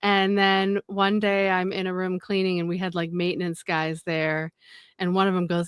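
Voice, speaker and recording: A woman's voice: on the low side, moderate pace, clean tone, dry recording, studio quality. A woman telling a funny anecdote in a casual podcast chat, acting out the voices of the people in it. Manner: animated, acts out quoted voices. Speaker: podcast guest. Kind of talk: casual storytelling.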